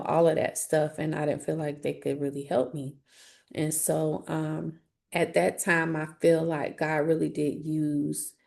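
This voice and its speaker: A woman with a low, darkly mellow voice tells her own story in an interview. Her delivery is earnest and halting, full of restarts, and a gravelly fry runs through her speech. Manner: earnest, halting, grows emotional. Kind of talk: personal testimony.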